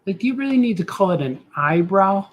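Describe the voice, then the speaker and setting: A middle-aged man hosts a drawing stream, rambling in a goofy, self-talking way. His voice sits a touch high and carries a husky edge. He drifts from joke to joke as if nobody were listening. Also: sing-song, brisk. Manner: goofy, talks to himself, does silly voices. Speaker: cartoonist host drawing on stream. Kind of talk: rambling casual chat while drawing.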